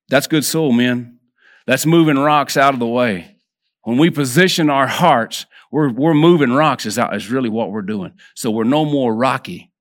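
A man preaching a sermon to a group of men. He calls for amens and repeats words as he restarts, climbing higher and louder when he exhorts, then dropping soft and low for prayers. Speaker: preacher at a men's gathering.

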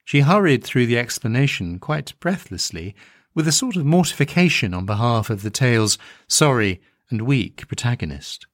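A man reading a dark literary story aloud in a measured, wry manner. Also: mid-range voice, big pitch swings, dry recording, studio quality. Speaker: narrator.

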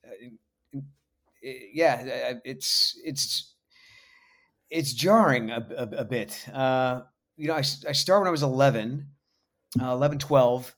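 A man in his forties from the United States, a voice actor telling stories in a casual interview, laid-back and halting, self-deprecating. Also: mid-range voice, fairly bright tone. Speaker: voice actor guest.

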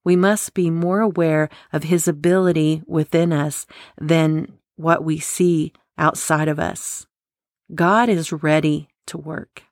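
A woman's voice: lowish voice, darkish tone, no room sound, clean studio sound. A woman giving an earnest, encouraging daily devotional talk, asking listeners to work with God. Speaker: devotional speaker.

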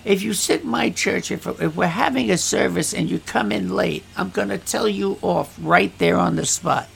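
A man's voice: high-pitched, normal speed, gravelly, a bit bright, slight background noise. A male pastor talking frankly about his church, bluntly, acting out the voices of people he quotes. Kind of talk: casual talk about church life. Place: church in the Philippines.

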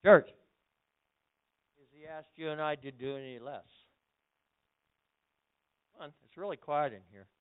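An older man preaching as a pastor in a church, excitable, with loud bursts and repeated words. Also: on the high side, unhurried, pauses often, smooth. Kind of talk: lively church sermon. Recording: phone-like lo-fi recording.

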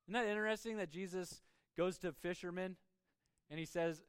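A man preaching a sermon as pastor, emphatic, with his voice swinging between soft and loud. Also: high-pitched, normal speed, clean tone, no room sound.

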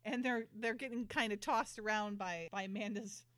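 A woman co-hosting a podcast, recapping a TV episode in casual chat, acting out characters' lines in high voices and laughing often. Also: steady tone, moderate pace, fairly bright tone, dry recording. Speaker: podcast co-host.

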